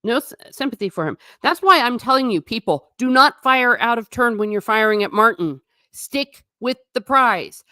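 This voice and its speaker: A woman hosting a casual livestream, rambling in an animated way and talking straight to her viewers in chat. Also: mid-range voice, dry recording, clean studio sound. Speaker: livestream host.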